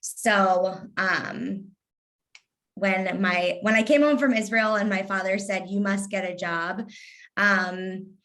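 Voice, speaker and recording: Taking her time in a mid-range, fairly bright voice, a lifestyle influencer chats as an interview guest in a casual conversation. In her thirties and from Kentucky, she has a light Southern accent, a sarcastic wit, and a laugh that comes easily.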